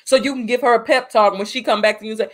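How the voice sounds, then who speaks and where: A woman's voice: a little high, fairly even intonation, rapid-fire. A woman co-hosting a casual movie review podcast, earnest and analytical, steering the discussion. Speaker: podcast co-host.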